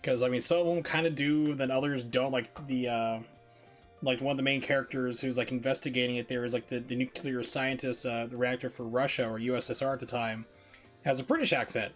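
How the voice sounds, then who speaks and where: A man's voice: mid-range voice, steady tone, fairly quick, faint music behind. A man streaming a speedrun, chatting casually and rambling with lots of fillers. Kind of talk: casual chat while gaming.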